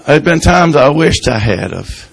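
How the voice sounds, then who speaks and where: Gravelly preacher, folksy. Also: male voice, fairly high pitch, sing-song, a little slow, low-quality recording. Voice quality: gravelly, husky. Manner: folksy, breaks in with hallelujahs, swings from loud to hushed. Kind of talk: informal country sermon.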